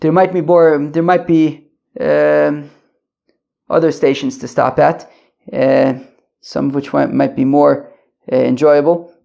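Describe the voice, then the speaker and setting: Halting man teaching Talmud, slightly gravelly. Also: fairly high pitch, little pitch movement, dark tone, muffled recording. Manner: halting, many restarts and fillers, Yiddish-flavored study terms. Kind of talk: daily Talmud lesson, translating line by line. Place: pacing at the edge of a wedding hall.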